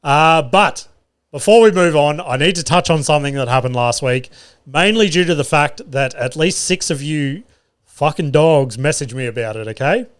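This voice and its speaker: A man's voice: a little high, normal speed. Australian male comic, solo podcast host, casual storyteller with a foul mouth and a self-deprecating streak. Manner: chatty, swears freely, self-mocking. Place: podcast studio.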